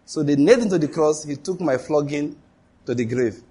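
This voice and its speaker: Emphatic husky male preacher. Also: brisk, warm tone. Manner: emphatic preaching with sudden high-pitched exclamations and rhetorical questions. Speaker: pastor. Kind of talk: sermon.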